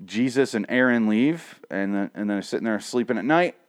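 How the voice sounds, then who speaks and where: A man's voice: fairly low pitch, lively intonation, brisk. A man giving a casual solo review, rambling and profane, with frequent restarts. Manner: swings from ranting to mumbling self-deprecation. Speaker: comic and TV reviewer.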